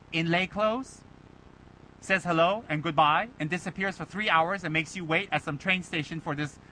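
A man teaching a Buddhist dharma talk, animated and rhetorical, mimicking his listeners' complaints. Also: high-pitched, a little hiss or hum, low-quality recording. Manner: animated, rhetorical, mocking imitations.

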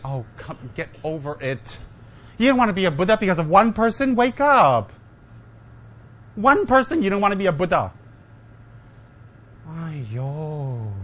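A man's voice: on the high side, big pitch swings, moderate pace, pauses often, a bit bright. A man giving a humorous Dharma talk as a Buddhist teacher, joking with and teasing his listeners and mimicking his students.

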